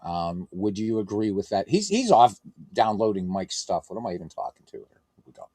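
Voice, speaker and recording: Man, low voice, very animated, casual baseball stream chat, announcer-style lineups, self-mocking, dry close sound. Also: brisk, no echo. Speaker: game streamer.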